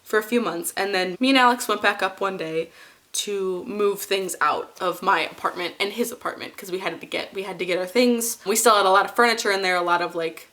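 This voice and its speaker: A woman's voice: medium pitch, brisk, fairly bright tone. Young woman rambling through a storytime. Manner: rambling, many fillers and restarts. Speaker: vlogger telling a story. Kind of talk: casual storytime.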